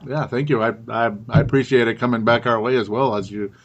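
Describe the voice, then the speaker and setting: A man's voice: mid-range voice, steady tone, brisk. A man from Minnesota hosting a casual sports chat, laughing often and stumbling over repeated words. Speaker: podcast host. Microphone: call recording.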